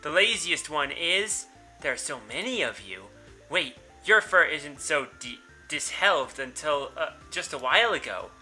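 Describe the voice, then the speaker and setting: A man's voice: a little high, very animated, normal speed, sharp tone, faint music behind, full character voice. A man reading a brusque teenage girl in a visual novel as she bosses her cats around in a curt, scolding way.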